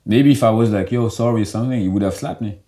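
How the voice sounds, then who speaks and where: A young man talking casually in an interview, loose and animated, and he fills his speech with "like.". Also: lowish voice, fast talker. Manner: loose and animated, heavy filler "like". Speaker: guest.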